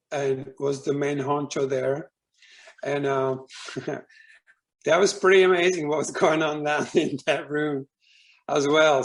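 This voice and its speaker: A man's voice: on the high side, creaky, a bit bright. A man giving a candid spiritual testimony as a guest speaker, telling his story with frequent laughs and the odd swear word.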